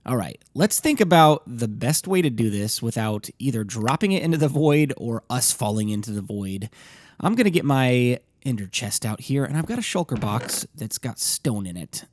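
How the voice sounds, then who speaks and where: A young man hosting a Let's Play, narrating his own gameplay in a chatty, casual way, with a slightly rough morning voice. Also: medium pitch, big pitch swings, normal speed, no echo, clean studio sound.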